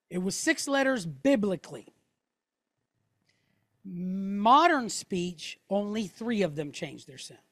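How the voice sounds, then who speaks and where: A woman's voice: mid-range voice, no echo, studio quality. A woman teaching a class, explaining step by step with patience and often checking in with "right?" and "okay?". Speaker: Hebrew teacher.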